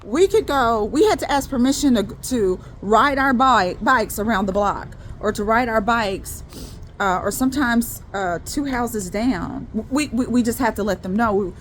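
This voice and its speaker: Speaking straight to her viewers, a woman who makes faith videos shares a personal testimony in casual, rambling talk, restarting and repeating words as she goes. Her voice sits a little high and sounds animated at a moderate pace, with a little hiss or hum in the background.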